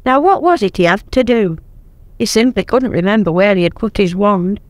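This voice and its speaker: A woman's voice: medium pitch, lively intonation, normal speed, darkish tone, dry recording. Older woman reading a bedtime story. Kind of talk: reading a children's story aloud. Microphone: home tape recording.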